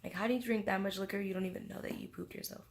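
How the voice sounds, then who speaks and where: A young woman tells a story to camera while tipsy. Her voice has a gravelly, fry-laden edge at a middle pitch. She acts out quotes in an animated, slangy way. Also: racing. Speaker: vlogger. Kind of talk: casual storytime monologue.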